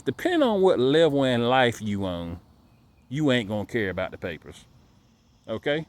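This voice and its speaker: A man giving a casual ranting monologue to camera, emphatic and repetitive, stumbling over repeated words. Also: high voice. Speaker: dog breeder vlogger.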